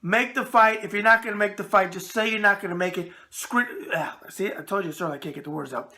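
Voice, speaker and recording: A man's voice: sits high, brisk, pushed and bright. A middle-aged man with a New York accent hosting a casual boxing mailbag show, talking bluntly and stumbling over words. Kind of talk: casual video mailbag chat.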